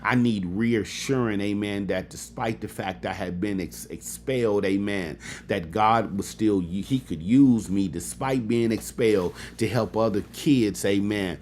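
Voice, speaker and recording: Low-voiced man giving a motivational speech. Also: a little slow, hardly any pauses, darkish tone, a little hiss or hum. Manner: peppers talk with "amen", addresses audience directly. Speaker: motivational speaker and host. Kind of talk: motivational speech with preacher cadence.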